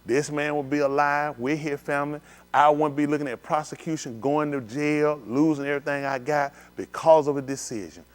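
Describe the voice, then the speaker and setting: A man preaching a sermon, animated, swinging between low murmurs and loud exclamations. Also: a little fast. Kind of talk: sermon with live demonstration. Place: synagogue hall.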